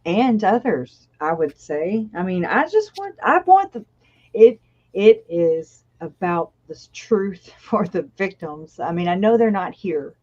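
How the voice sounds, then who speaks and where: A woman co-hosting a casual true-crime chat. She speaks haltingly, laughs often and breaks off her own sentences. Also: mid-range voice, sing-song, darkish tone. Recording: muffled lo-fi audio.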